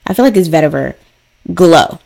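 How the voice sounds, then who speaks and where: A woman's voice: low voice, normal speed, creaky. Chatty woman podcast host, playful. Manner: chatty, playful and animated, repeats lines for emphasis. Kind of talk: casual solo podcast chat.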